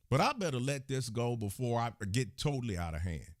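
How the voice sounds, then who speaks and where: A man's voice: mid-range voice, sing-song, a little fast, hardly any pauses, dry recording, clean studio sound. A man hosting his own channel, delivering a heated, indignant commentary rant and scolding his viewers as he talks. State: agitated. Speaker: channel host. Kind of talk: angry commentary rant to the camera.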